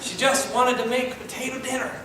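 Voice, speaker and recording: A man's voice: very high-pitched, flat delivery, brisk, very noisy. A man playing a pompous, wordy plastic potato toy in an improv comedy scene, telling his story in a formal, long-winded way. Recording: echoey room from far off, live stage.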